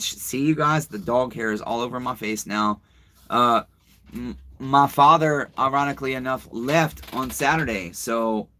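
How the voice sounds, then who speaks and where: His voice is mid-range, pushed and bright. This male livestream host meanders through a story between comments, cursing freely and talking casually to the people watching.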